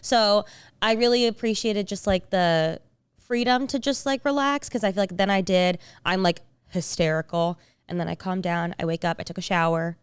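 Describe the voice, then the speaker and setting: A young woman chats on her podcast in a loose, rambling way, packing her sentences with "like" and restarting them. Her voice is smooth and clear. It sits close and dry on the mic. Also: mid-range voice, normal speed, no echo. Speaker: podcast co-host. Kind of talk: casual chat.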